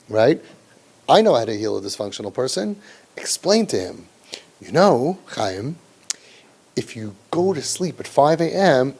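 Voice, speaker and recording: A middle-aged man giving a parenting workshop lecture, sarcastic and animated, with many rhetorical questions. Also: mid-range voice. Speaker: parenting coach.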